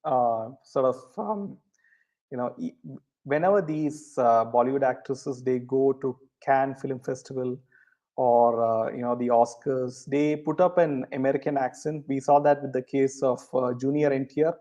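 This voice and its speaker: A man's voice: medium pitch, fairly even intonation, moderate pace, warm tone. A man hosting a casual live chat, reading viewer comments, full of ums and uhs and often ending points with "right?". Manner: hesitant, many ums and uhs; rhetorical, ends points with "right?".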